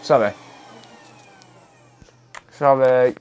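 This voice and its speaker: A British man, mid-pitched and ordinary in tone, talking loosely to his viewers during a live stream. He reads out their comments and answers them in a relaxed, chatty way, with the odd swear word thrown in. It sounds like he is at home. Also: very slow, a little hiss or hum. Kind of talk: casual live-stream chat.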